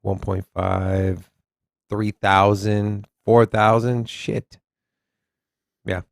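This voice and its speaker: A Texan man with a Southern accent and a low-ish, creaky voice speaks extremely slowly as a podcast co-host in a casual crypto news chat. He's animated, reading headlines and articles aloud, riffing on them and swearing casually. The sound is dry and close, with no room sound.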